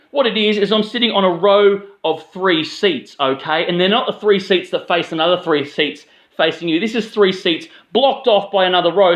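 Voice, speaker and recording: A young Australian man spins a rough-mouthed, self-deprecating yarn as a vlog host, his voice sitting a touch higher than most men's. It is recorded in an echoey room with a dull, slightly muffled sound. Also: a bit bright. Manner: profane, blokey, self-deprecating storytelling. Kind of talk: casual storytelling monologue.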